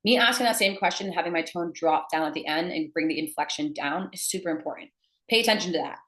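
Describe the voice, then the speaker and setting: A woman's voice: on the low side, fast, a bit bright. A young adult woman teaching sales to camera in an emphatic, blunt manner. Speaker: sales coach. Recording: echoey room.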